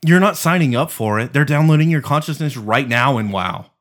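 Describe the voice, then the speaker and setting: A man co-hosting a podcast in casual chat, profane and excitable, arguing with emphasis. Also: medium pitch, a little fast. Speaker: podcast co-host.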